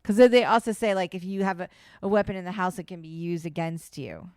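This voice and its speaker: A woman's voice: lowish voice, fairly quick, darkish tone, smooth, dry recording, studio quality. A woman co-hosting a podcast at home, chatting animatedly with lots of fillers. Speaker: podcast co-host. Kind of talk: casual chat. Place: home, indoors.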